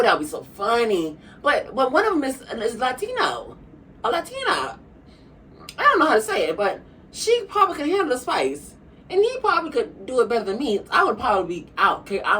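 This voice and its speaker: A sassy young woman gabbing through a mukbang video, tossing "honey" at her viewers as she rambles from one thought to the next. Her voice sits a little low, and she sounds set back from the mic. A faint hum of the room runs underneath. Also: fairly bright tone, distant mic, low-quality recording. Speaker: vlogger. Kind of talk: casual chat while eating.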